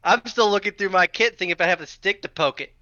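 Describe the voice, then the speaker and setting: A man playing a tabletop game in casual chat, joking and quick to protest, stammering when flustered. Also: high voice, pushed and bright, no room sound, muffled recording. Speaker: player.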